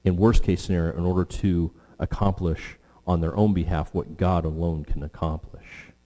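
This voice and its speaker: A man delivering a sermon from the pulpit, his voice low-pitched and mellow. He speaks with emphasis, climbing sharply in pitch when quoting. A long hall reverb trails every phrase. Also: fairly even intonation, moderate pace. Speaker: pastor.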